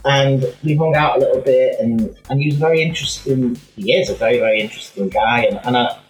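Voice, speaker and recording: A man's voice: medium pitch, quick pace, faint music behind. Man, chatty guest, tells stories with lots of asides, roomy sound. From England. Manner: animated anecdotal storytelling with many asides. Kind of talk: casual chat.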